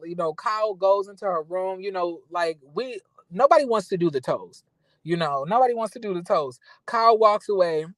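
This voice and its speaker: A man's voice: high-pitched, dry recording. A man giving a casual recap of a reality TV reunion, blunt and slangy, swearing freely and addressing the cast directly. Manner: animated, blunt, profane, slangy.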